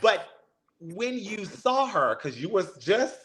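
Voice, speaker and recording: A man hosting a casual interview, asking slow, laid-back questions. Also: sits high, very animated, a crowd in the background. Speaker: host.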